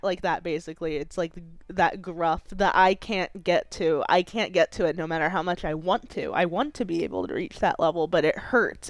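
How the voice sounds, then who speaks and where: A woman's voice: lowish voice, moderate pace, few pauses, no echo. Chatty woman streamer, dry sound. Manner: chatty, explains rules eagerly. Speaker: streamer running the game. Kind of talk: casual gaming chat.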